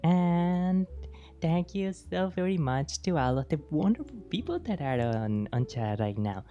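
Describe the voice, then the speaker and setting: A woman streamer chatting casually with her live chat, playful and teasing, thanking viewers over and over and speaking slowly and carefully. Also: fairly low pitch, very animated, mellow, highs cut off, soft background music. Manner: deliberately slow, careful speech.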